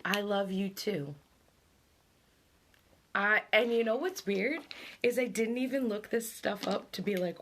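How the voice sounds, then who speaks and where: A woman with a medium-pitched, somewhat bright voice talks at a measured pace, pausing often, with slight background noise. She's a middle-aged island-born vlog host who reads out facts animatedly, reacting with laughs and thinking aloud.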